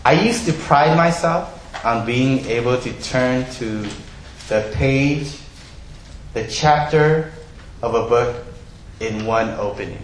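A man preaching a sermon, telling Bible stories in a lively way and acting out the characters' lines. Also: medium pitch, takes it slowly, long pauses, slight background noise. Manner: animated storytelling, acts out quoted voices. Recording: very echoey hall, faint ambience.

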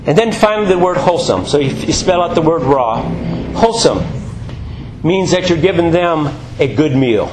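A man's voice: fairly high pitch, moderate pace, reverberant, noisy background. A man preaching a sermon, telling jokey stories and acting out voices. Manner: animated, jokey storytelling with acted-out voices.

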